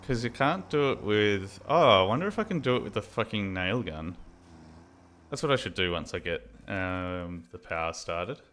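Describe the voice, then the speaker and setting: A man's voice: on the low side, expressive, moderate pace, a bit bright. An Australian man streaming a video game, rambling and swearing casually while he talks to himself as he plays. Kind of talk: casual gaming commentary.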